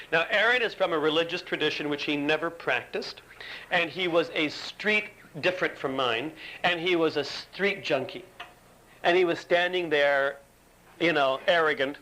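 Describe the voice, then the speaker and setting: On an old tape with a faint hiss, a man with a somewhat high, sharp voice gives a frank, self-mocking recovery talk to a live audience in a retreat meeting room. The recording quality is low, and he acts out his own inner argument as the story unfolds.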